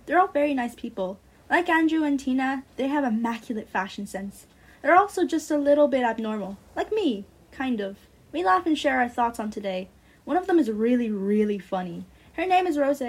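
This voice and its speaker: A woman's voice: a little high, slightly rough. A young woman reading a first-person short story aloud in an earnest, breathless way. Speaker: student reader.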